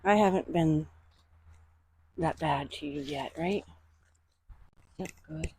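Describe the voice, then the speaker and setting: A horse trainer speaks outdoors, half explaining the session and half soothing the animal. The voice is husky and a little breathy, at a middling pitch. The delivery is calm and coaxing, with gentle reassurances said again and again. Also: takes it slowly. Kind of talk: casual training vlog, talking to a horse.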